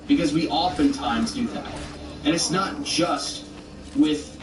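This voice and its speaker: A man's voice: a little high, slow. Sarcastic, exasperated ranting man. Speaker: commentator rebutting a video. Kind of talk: argumentative commentary. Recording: roomy, distant with faint noise.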